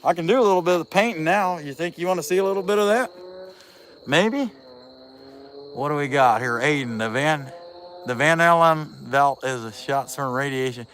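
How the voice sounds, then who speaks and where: A fairly high-voiced man, chatting loosely on a livestream while he works. He rambles in a folksy way, telling stories and answering viewers as they come in. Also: normal speed, a bit bright, slight background noise. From Southeast Ohio. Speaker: chainsaw carver and livestream host. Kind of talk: casual livestream chat reading viewer comments.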